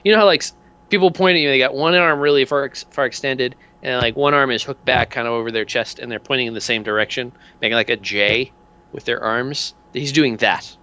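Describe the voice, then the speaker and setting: Guy gm rambling through the scene, smooth voice, kinda muffled lo-fi audio. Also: medium pitch, a little fast, bright, forceful tone. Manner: casual, rambling, many fillers. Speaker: game master. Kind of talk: narrating a tabletop game. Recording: dull lo-fi audio.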